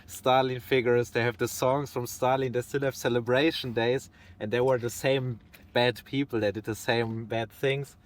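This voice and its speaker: A man in his twenties, speaking as a podcast guest at an average pitch. He talks in an earnest, measured way and sometimes pauses to search for the right word. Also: flat delivery. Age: 20s. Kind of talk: casual interview conversation.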